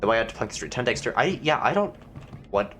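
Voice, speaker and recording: A man casually rambling through a video game, musing aloud and reading on-screen text as he goes. His voice sits at an everyday middle pitch, with a faint hum of background noise behind it. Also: very animated, fast talker, fairly bright tone. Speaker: gamer. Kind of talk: let's-play commentary.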